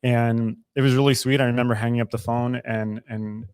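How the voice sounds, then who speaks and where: Candid man in his thirties, mid-pitched. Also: little pitch movement, brisk, darkish tone, smooth. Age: 30s. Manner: candid and emotional, with frequent restarts and swearing. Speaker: podcast co-host. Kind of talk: casual recovery podcast talk. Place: recovery club room.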